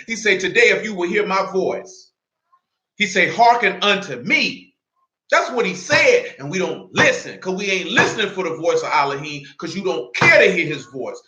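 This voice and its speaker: A man preaching a sermon in a fiery, confrontational street-talk style, slowing down and dropping lower when he reads scripture. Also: lively intonation, sharp tone, echoey room. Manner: slower, lower reading of scripture.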